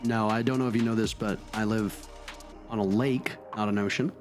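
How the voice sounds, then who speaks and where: A man's voice: on the low side, steady tone, a little fast, faint music behind. A man casting an esports broadcast, chatting loosely and correcting himself as he goes. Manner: chatty, rambling, self-correcting. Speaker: esports caster. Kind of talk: casual broadcast banter.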